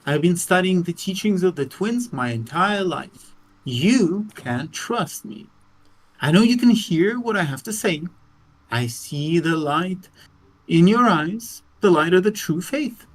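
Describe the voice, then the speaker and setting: Father Jeremiah, a man doing a gentle priest. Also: sits high, lively intonation, low-quality recording. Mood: gentle, coaxing. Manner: soft, slow, coaxing. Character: gentle, earnest male priest, a seminary teacher.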